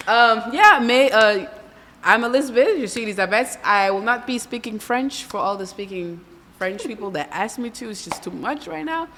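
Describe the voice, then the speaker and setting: A woman hosts a podcast in a loose, playful way, laughing easily and slipping into French now and then. Her pitch rises and falls a lot. The room has a long echo and clear background noise. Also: expressive, moderate pace. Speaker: podcast host. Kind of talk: casual chat.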